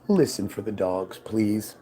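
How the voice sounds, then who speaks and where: A man's voice: fairly low pitch, expressive, unhurried, dark tone, a little hiss or hum. A man hosting his own livestream, musing aloud in a casual, rambling and sarcastic way from home. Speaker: livestream host.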